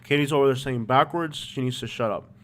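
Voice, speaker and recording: A man's voice: medium pitch, brisk. A man hosting a live stream, chatting casually and rambling with lots of fillers. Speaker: YouTube host.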